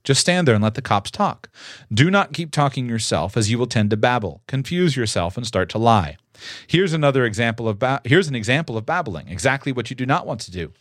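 A man's voice: medium pitch, very animated, fairly quick, a bit bright, dry recording, studio quality. A young man who reads a guide aloud and adds his own earnest, emphatic advice, stressing the key words. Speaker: instructor giving advice. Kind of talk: reading a guide aloud with commentary.

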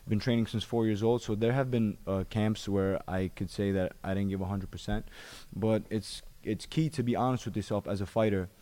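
A man's voice: fairly low pitch, steady tone, fairly quick, hardly any pauses, warm tone. A man, a professional fighter, talking reflectively in a podcast chat, with many restarts and repeated phrases.

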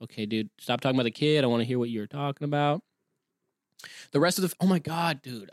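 A man's voice: mid-range voice, fast talker, dry recording, clean studio sound. A male podcast host in casual solo chat, rambling and sarcastic, swearing often and breaking off his own reading to comment.

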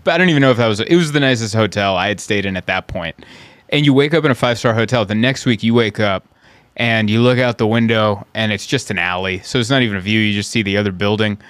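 A man, a stand-up comedian, telling stories in casual chat and now and then jumping into high voices for the people in them. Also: no room sound. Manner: animated, acts out characters in high voices. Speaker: stand-up comedian, podcast host.

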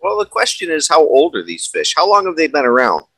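A man co-hosts a podcast, mostly offering short reactions and quick questions. His voice is bright and a little husky, and it moves up and down a lot. The sound is dry and close to the mic. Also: a little high, huge pitch swings, no echo. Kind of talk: casual chat.

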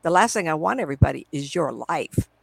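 Gravelly middle-aged woman telling stories. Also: deep voice, expressive, fast talker, no echo, poor audio. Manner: rambling, chatty, quotes her own past conversations. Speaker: psychic medium guest. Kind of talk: casual storytelling in a live video interview. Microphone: computer video call.

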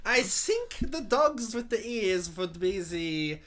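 A man on a movie commentary podcast, making dry deadpan jokes. His voice is bright and a touch high, and it swings widely in pitch. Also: slow pace. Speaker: podcast co-host.

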